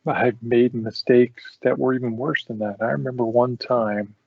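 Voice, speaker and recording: A man hosts his own podcast and tells stories in a relaxed, chatty way, often laughing. His voice is mid-pitched with a gravelly edge. The recording is dry and a little dull. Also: normal speed, no echo. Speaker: podcast host. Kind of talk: casual storytelling.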